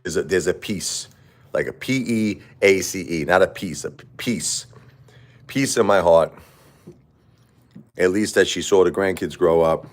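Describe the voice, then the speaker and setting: A middle-aged man hosting a livestream, talking unscripted in a quiet, halting way and often repeating himself. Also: sits low. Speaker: livestream host. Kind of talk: unscripted personal monologue.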